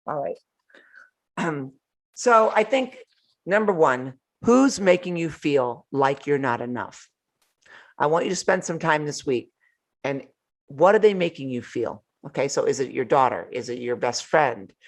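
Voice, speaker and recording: Animated laughing woman giving motivational talk. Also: rumbling low, a little slow. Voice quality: animated, laughs often, playful asides. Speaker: host. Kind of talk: live-streamed motivational talk. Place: home.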